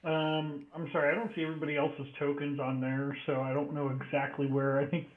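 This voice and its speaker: Hesitant higher-voiced player, muffled mic. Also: male voice, level tone, fairly quick. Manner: hesitant, apologetic. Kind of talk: casual tabletop game chat.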